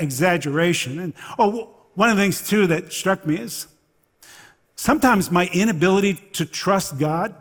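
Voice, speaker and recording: A pastor preaching a sermon in a conversational, animated storytelling manner, with halting restarts. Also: male voice, on the high side. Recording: long hall reverb.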